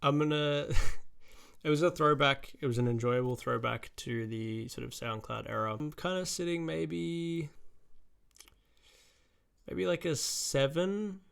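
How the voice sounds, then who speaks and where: A man's voice: on the high side, a little slow, vocal fry, a bit bright, clear, resonant tone. A man with an Australian accent giving casual music reaction commentary, rambling and swearing, with plenty of "like" and "um".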